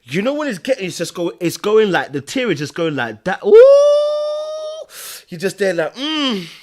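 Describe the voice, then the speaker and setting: A man hosting a podcast, giving emotional, animated commentary on a TV episode, sighing and swinging between loud bursts and quiet murmurs. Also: high-pitched, brisk. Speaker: podcast host reviewing a TV episode.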